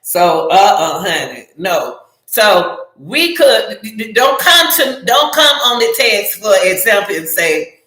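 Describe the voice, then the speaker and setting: A middle-aged woman hosting a casual advice talk, blunt and animated, speaking slowly in her own slang. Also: mid-range voice, echoey room, poor audio. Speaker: channel host. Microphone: phone or camera, livestream.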